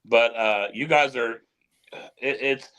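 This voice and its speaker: Relaxed man host, mid-pitched voice, casual interviewer. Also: slow. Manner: relaxed, asks rambling questions. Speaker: podcast host.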